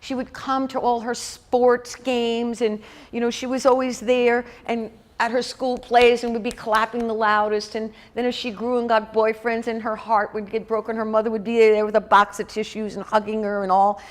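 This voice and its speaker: A woman minister tells a long story from the pulpit in a loose, conversational way, scattering "you know" through her lines. Her voice sits a little high for a woman. She keeps a lively storytelling pace throughout. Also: normal speed. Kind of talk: storytelling sermon. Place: church sanctuary.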